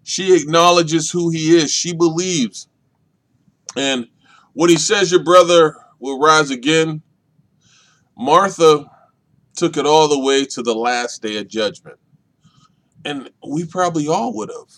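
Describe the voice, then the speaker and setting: A minister leading a Bible study, talking deliberately and repeating key points for emphasis. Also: male voice. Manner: swings between loud emphasis and soft, low delivery.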